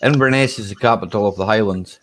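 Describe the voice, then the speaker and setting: A Scottish man hosting a relaxed online chat, dropping in "aye" and "man" often. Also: on the low side, fast talker, slight background noise. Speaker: channel host. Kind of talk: casual chat.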